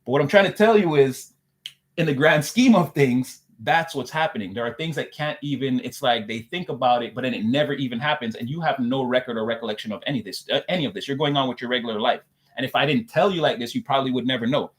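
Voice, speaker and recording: A man's voice: medium pitch, fast talker. A man delivering a loose, rambling spiritual message to his viewers, repeating "again" and circling back on his points. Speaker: spiritual reader.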